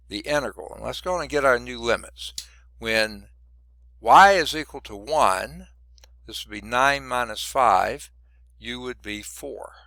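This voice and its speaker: A man who is losing his voice teaches a math lesson, working through each step out loud with muttered asides. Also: on the low side, creaky, no room sound. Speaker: math instructor. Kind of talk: recorded lecture working through problems.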